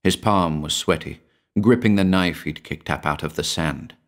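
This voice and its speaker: A man giving a measured, brooding scripted narration of a horror story. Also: extremely low pitch.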